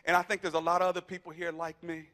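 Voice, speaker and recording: A man's voice: on the high side, flat delivery, very fast, pushed and bright. A male pastor preaching a sermon, telling a personal story in an earnest, conversational way.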